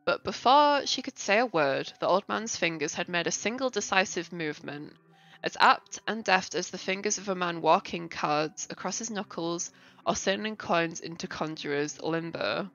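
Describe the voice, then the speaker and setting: A woman's voice: on the low side, moderate pace, fairly bright tone, lo-fi sound. A woman streamer reading a novel aloud on a casual live stream, breaking off for chatty, swearing asides. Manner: chatty asides, swears, laughs between passages.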